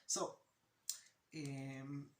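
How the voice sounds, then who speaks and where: A low-pitched woman with an Israeli accent explains words in an easy, chatty way. She stops to repeat terms slowly for pronunciation. The room around her is echoey. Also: flat delivery, slight background noise. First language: Hebrew. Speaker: language teacher. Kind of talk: casual video lesson.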